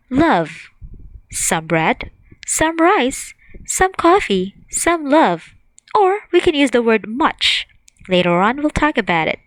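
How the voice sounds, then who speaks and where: A woman teaching an English grammar lesson, speaking slowly and repeating key words for learners to say along with her. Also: mid-range voice, dry recording, poor audio. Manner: slow, drilling and repeating words, asks students to repeat.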